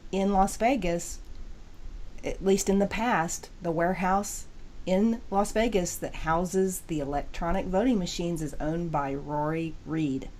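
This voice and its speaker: Lady host, lowish voice, chatty, bit of faint noise behind. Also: measured pace, darkish tone. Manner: brief reactions and chatty asides. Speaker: interview host. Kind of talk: casual interview talk.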